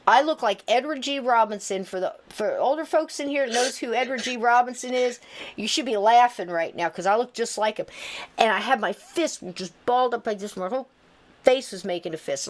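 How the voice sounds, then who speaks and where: Female podcast host, about sixty, casual storyteller, lively asides and voiced quotes. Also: mid-range voice. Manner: animated, tells stories with quoted voices and asides.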